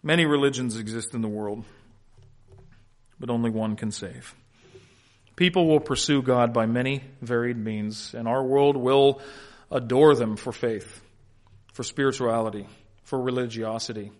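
A man preaching a sermon as pastor, swinging between loud, emphatic points and quiet asides, and explaining Greek wording in a teacherly way. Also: mid-range voice, measured pace, pauses often.

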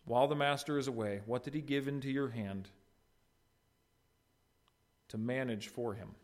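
Middle-aged male pastor, plain mid-pitched voice, conversational sermon delivery, asks the room lots of questions. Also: normal speed. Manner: conversational preaching with rhetorical questions and brief retold dialogue.

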